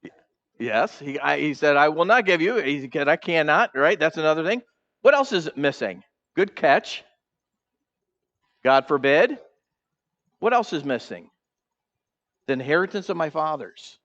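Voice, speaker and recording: A male pastor preaching a sermon, animated, acting out the characters' voices and putting questions to the congregation in a church. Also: on the high side, unhurried, pauses often, highs cut off. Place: church sanctuary.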